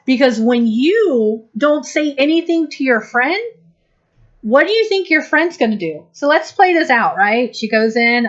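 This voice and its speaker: A woman giving a channeled spiritual talk, speaking slowly, gently and deliberately, and acting out small quoted exchanges. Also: high-pitched, expressive. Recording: dull lo-fi recording.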